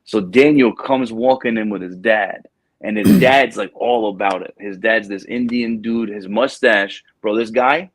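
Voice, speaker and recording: A man hosting a podcast, telling a story in a casual, lively way and acting out the people in it. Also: on the low side, a little slow. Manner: animated storyteller, acts out quoted people. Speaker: podcast host.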